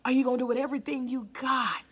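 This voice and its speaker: A woman's voice: high-pitched, steady tone, fast, slightly rough. A woman pastor preaching with passion, calling out to the congregation and sometimes dropping to a near-whisper for emphasis. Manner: impassioned, calls out to the congregation. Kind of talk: sermon.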